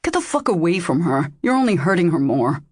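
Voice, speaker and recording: A woman's voice: fairly low pitch, big pitch swings, brisk, a little mellow, slightly rough, dry recording. A woman voicing a furious, protective man. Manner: angry and confrontational. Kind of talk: audiobook character voice.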